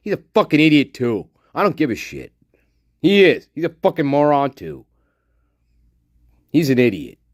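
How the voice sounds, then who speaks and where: A man's voice: a little high, wildly swooping pitch, moderate pace, long pauses, no echo, studio quality. Profane, ranting man on a livestream. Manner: muttering while reading chat. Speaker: livestream host. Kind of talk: casual livestream chat.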